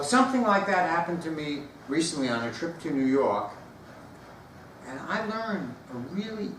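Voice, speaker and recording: A man giving a storytelling speech, animated and acting out the voices of the people in it. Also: on the high side. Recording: roomy echo, distant mic, background noise.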